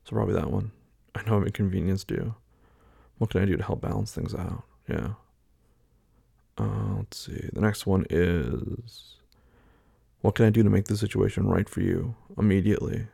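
A man with a low, heavily gravelly and husky voice, thinking aloud in a loose, hesitant way full of fillers. The sound is dry and close, with no room around it. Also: steady tone, moderate pace, pauses often, mellow, no echo. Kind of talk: casual talk, taking an online quiz aloud.

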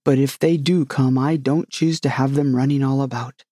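Muddled old knight, read by a narrator, grave, rambling, proud of his inventions, mellow, dry. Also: mid-range voice, fairly even intonation, moderate pace, dry recording, lightly acted. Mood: earnest. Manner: grave, rambling, self-satisfied.

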